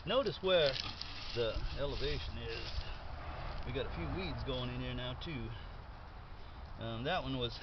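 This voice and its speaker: A man chatting casually and thinking aloud as he digs up potatoes in his backyard garden, exclaiming happily at what he finds. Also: mid-range voice. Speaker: home gardener. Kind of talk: casual narration while digging up potatoes. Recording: dull lo-fi sound with steady background noise.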